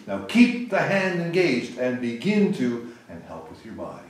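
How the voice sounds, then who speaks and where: A man teaching a piano class, coaching students with sudden loud bursts of praise and quieter guidance. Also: on the high side. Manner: animated, loud bursts of encouragement then soft guiding. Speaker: piano professor. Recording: echoey room, voice from a distance.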